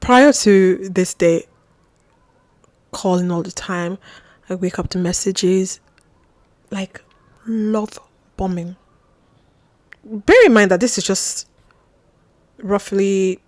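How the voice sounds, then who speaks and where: A young woman talks straight to the listener in a chatty, wry storytelling voice, full of asides and little mimicked lines. Her pitch sits in an ordinary middle range. The sound is dry and close, with no room echo. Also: steady tone, takes it slowly, long pauses, darkish tone. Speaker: vlogger. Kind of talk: casual storytelling to camera.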